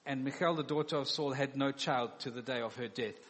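A man's voice: mid-range voice, brisk. A man preaching a sermon, animatedly acting out the quoted words of the figures in his story. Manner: animated, acts out biblical dialogue. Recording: long hall reverb.

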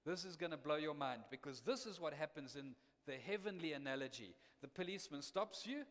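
A man preaching a sermon as a missionary, dramatic, swinging between loud emphasis and hushed quiet. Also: on the high side, lively intonation, fairly quick. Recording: long hall reverb.

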